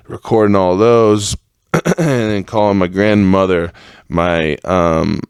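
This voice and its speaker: Solo podcast host, young man, fired-up profane rants, lowish voice, dry close sound. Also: clean tone, no room sound. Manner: profane, heated rant that rises in pitch.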